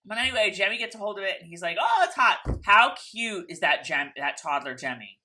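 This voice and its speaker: A woman chats her way through a TV episode recap in a bright, ringing voice. Her pitch rises and falls a lot as she rambles and mimics the characters. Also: animated, quick pace. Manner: chatty, rambling, acts out characters' lines. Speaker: podcast co-host. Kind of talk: casual TV recap chat.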